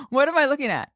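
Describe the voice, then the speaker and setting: A woman co-hosting a podcast in casual chat, teasing and quick with asides. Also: sits high, fairly bright tone, dry recording, clean studio sound. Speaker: podcast co-host.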